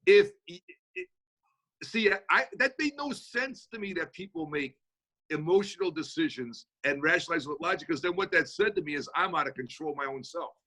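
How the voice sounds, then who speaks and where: A man answering audience questions in a motivational Q&A over a video call, talking fast in a folksy, energetic manner. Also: sits high. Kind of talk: motivational Q&A talk.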